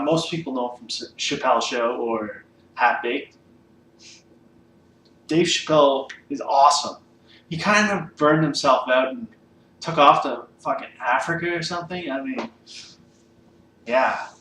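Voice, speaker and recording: A man's voice: mid-range voice, unhurried, pauses often, sharp tone. A man giving a loose, unscripted monologue full of fillers and casual swearing, ranking his favorite comedians. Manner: rambling, loose, swears often, many fillers. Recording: echoey room, mic at a distance, faint background hiss.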